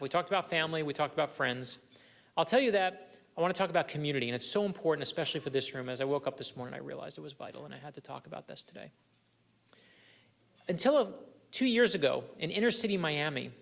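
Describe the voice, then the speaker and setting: A man's voice: fairly high pitch, fairly bright tone. A middle-aged man giving a keynote speech at a luncheon, telling earnest personal stories and speaking directly to the room. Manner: earnest, anecdotal, addresses the audience directly. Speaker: guest speaker.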